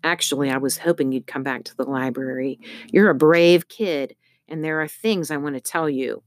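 A woman's voice: low voice, normal speed, no room sound, clean studio sound, lightly acted. A woman reading a storybook, voicing a nervous male librarian who whispers anxiously and makes bad puns. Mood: earnest.

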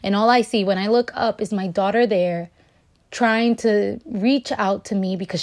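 A woman's voice: mid-range voice, measured pace, a little mellow. A young woman, a new mother, tells in an earnest, emotional way how she climbed out of postpartum sadness, often restarting and repeating words. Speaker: new mother sharing her story. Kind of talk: personal testimony vlog.

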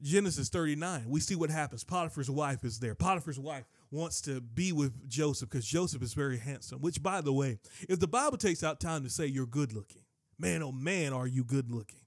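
A man preaching a sermon, emphatic and animated, with frequent asides to the listeners and bursts up to shouting. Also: a little high, fairly quick, no echo, studio quality. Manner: frequent asides to the congregation like "watch this".

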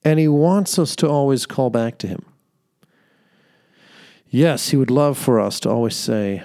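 Man, young adult, podcast host, creaky gravelly voice, earnest faith reflection. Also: medium pitch, a little slow, long pauses, warm tone. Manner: earnest, storytelling with fillers and laughs. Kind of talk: faith-based reflective monologue.

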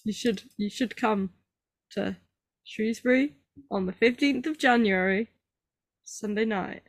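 A woman's voice: medium pitch, unhurried, no echo. Young woman host, casual and rambling, self-deprecating, mid-range voice, dry close recording. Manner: chatty, rambling, self-mocking, lots of ums. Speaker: podcast host. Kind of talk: casual chat.

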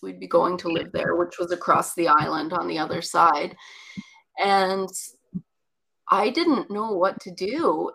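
A woman's voice: on the low side, vocal fry, sharp tone, poor audio. A woman telling a personal childhood story in conversation, chatty and rambling with many asides.

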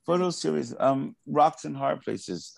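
An artist guest in an interview, this man has a fairly high, expressive, gravelly voice and takes his time. He speaks with earnest passion, often restarting and repeating words, on a dry, rough recording.

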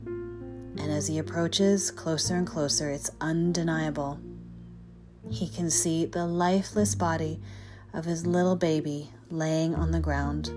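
A woman telling a myth in an expressive storytelling voice that sometimes drops to a whisper. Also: deep voice, a little slow. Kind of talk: dramatic storytelling. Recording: guitar music behind.

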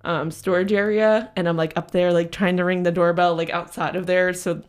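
A woman's voice: lowish voice, flat delivery, fairly quick. A young adult woman co-hosting a casual podcast, telling a rambling story and laughing often. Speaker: podcast co-host. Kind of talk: casual chat.

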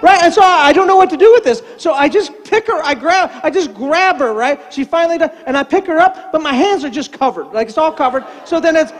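High-voiced animated older man preaching. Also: fairly quick, hardly any pauses. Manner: animated, acts out voices in a story. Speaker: pastor. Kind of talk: sermon with comic storytelling.

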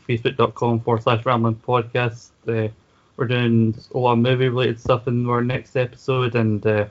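A man talking on a casual podcast, steady and leaning heavily on "like". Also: medium pitch, muffled recording. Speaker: podcast guest and fellow host. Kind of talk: casual podcast review chat.

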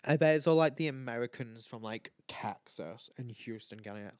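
A man's voice: mid-range voice, moderate pace, hardly any pauses, a little mellow, no echo, studio quality. A tired, tipsy man rambling and swearing as he hosts his own chat show. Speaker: podcast host. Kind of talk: casual solo chat.

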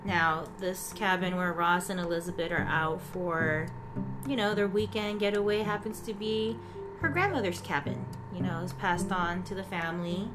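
A woman's voice: fairly low pitch, moderate pace, over music. Chatty woman recapping with a laugh. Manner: chatty, laughs often, does silly voices. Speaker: podcast co-host. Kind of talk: casual episode recap.

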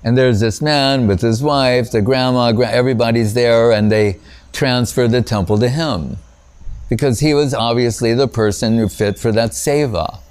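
A man's voice: mid-range voice, normal speed, darkish tone, clear, resonant tone. A man giving an informal spiritual talk as a teacher, rambling through stories, often saying "you know" and chuckling at himself. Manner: rambling and anecdotal, frequent "you know", breaks off and restarts; chuckles at his own stories.

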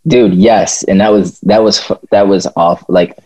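A man's voice: sits low, unhurried, slightly rough, rough recording. A young man co-hosting a podcast, chatting casually, swearing and stumbling over restarts as he rants. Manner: animated, swearing, stumbling restarts, laughs often. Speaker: podcast co-host. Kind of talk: casual chat.

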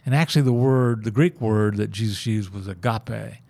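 A man's voice: lowish voice, moderate pace, creaky, a little mellow. A man telling a Bible story and his own faith story in a casual, folksy way, acting out the lines he quotes. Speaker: church member sharing his faith story.

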